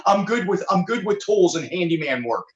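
A man's voice: sits high, animated, fairly quick, echoey room, muffled recording. A man, a musician guest on a video call, telling stories with enthusiasm and repeating himself for emphasis. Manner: enthusiastic, storytelling, repeats phrases. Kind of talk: casual interview chat. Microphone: video call from his home studio.

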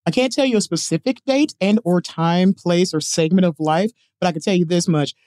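A woman's voice: fairly low pitch, brisk, dry recording, clean studio sound. A woman in her forties, a guest on a casual podcast, telling brash, profane stories. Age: 40s. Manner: brash, profane, animated storyteller. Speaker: guest, professional dominatrix. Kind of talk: casual podcast chat, storytelling.

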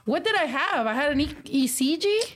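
A young woman co-hosting a casual chat, animated and profane, sometimes switching into Spanish mid-sentence. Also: high voice, a little fast.

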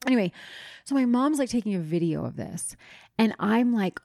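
A young woman and mother co-hosting a podcast, telling a funny story in an animated way, swearing casually. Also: a little high, moderate pace, creaky, no echo, studio quality. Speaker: podcast co-host. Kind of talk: casual chat.

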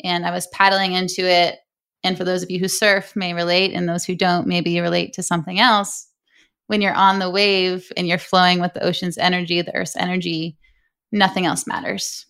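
A woman's voice: lowish voice, level tone, moderate pace, fairly bright tone, clean tone. A young adult woman, a breathwork coach, telling a personal story earnestly in an interview.

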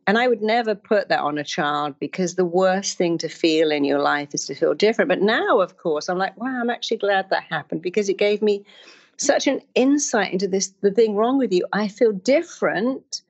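A woman's voice: normal speed, muffled recording. A middle-aged woman giving an emphatic motivational talk, acting out inner voices as she explains. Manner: emphatic, acts out inner voices with wide pitch swings.

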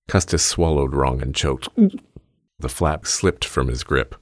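A man narrating a fiction story in a measured, steady reading. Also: rumbling low, dry recording, studio quality.

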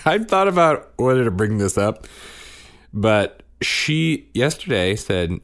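A man co-hosting a parenting podcast, telling family stories in casual chat and sometimes mimicking his kids in a high voice. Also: very animated, slow pace, fairly bright tone. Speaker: podcast co-host, father. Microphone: studio microphone.

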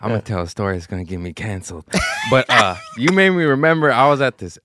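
A man hosting a podcast, telling stories casually and jumping into loud, high voices to act out the people in them. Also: lively intonation, fast talker, background noise. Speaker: podcast host. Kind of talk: casual storytelling chat.

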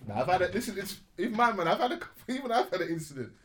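A man's voice: high-pitched, big pitch swings, racing, a bit bright, a little hiss or hum. A young man, telling stories in laid-back slang during a casual chat.

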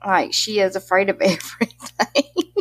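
A middle-aged woman from Mississippi, a pet content creator, chats as a guest in a casual interview. She has a strong Southern accent and a mid-range voice, speaks at a measured pace, laughs often, and uses country turns of phrase. There's slight background noise.

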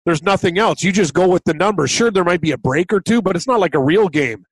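A man with a high voice co-hosting a casual sports betting podcast. He is easygoing, laughs a lot and teases his partner. The sound is dry and close-miked. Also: fast talker, breathy edge, no room sound. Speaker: podcast co-host.

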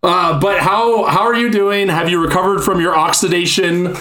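Man, high voice, jokey, rambling, laughs a lot, podcast co-host, echoey room. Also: fairly even intonation, normal speed, sharp tone. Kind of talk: casual chat.

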